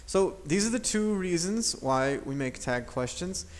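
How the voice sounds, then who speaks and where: A man's voice: high voice, animated, a little slow. A man teaching an English grammar lesson, explaining patiently and modeling intonation aloud.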